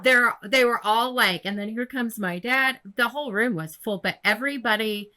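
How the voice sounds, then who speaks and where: A woman co-hosting a casual podcast, telling crude stories with loud cussing and banter. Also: a little high, normal speed. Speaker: podcast co-host. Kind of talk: casual chat.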